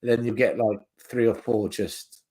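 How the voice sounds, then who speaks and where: Calm, wry, husky man. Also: fairly low pitch, moderate pace, rough recording. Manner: calm, wry, matter-of-fact. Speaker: guest on live stream. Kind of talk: casual chat.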